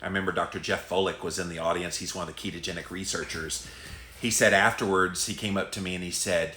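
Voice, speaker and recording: A man's voice: low voice, fairly even intonation, fairly quick, pushed and bright. A man hosting his own show, delivering an impassioned, emphatic rant straight to his listeners. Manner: emphatic, conversational, addresses listeners directly. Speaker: podcast host ranting on diet. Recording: roomy echo.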